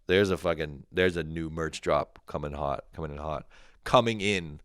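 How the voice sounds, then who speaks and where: A young man hosting a crude solo comedy podcast, swearing freely, laughing at his own jokes and jumping into loud mock quotes. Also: rumbling low, moderate pace, clean tone, no echo, studio quality. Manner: profane, laughing, shifts into shouted mock quotes.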